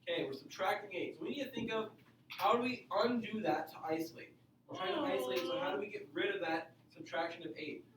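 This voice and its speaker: A man teaching algebra to a class, energetic, asking the students questions and repeating key points. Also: high voice, quick pace. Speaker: math teacher. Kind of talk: classroom lecture. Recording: echoey classroom from far off, faint noise.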